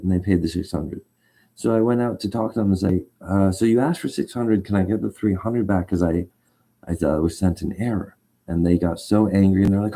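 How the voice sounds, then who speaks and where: A man's voice: deep voice, steady tone, moderate pace, warm tone. A man telling a long personal story in a rambling, agitated way, full of restarts and acted-out quotes. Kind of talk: casual rant.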